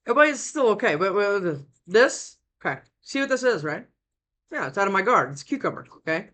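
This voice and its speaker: A woman's voice: mid-range voice, sing-song, quick pace, fairly bright tone. Exhausted, rambling woman tarot reader. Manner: rambling, with frequent restarts. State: worn out from lack of sleep. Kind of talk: casual tarot reading to camera. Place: indoors at home. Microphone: desk mic, close.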